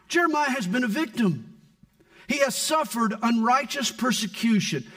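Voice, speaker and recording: A male preacher delivers a sermon in a higher-than-usual voice. His delivery is lively and full of rises and falls. He leans dramatically into scripture and poetry readings. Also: moderate pace. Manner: dramatic, reads scripture and poetry with sweeping swings in tone. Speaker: pastor.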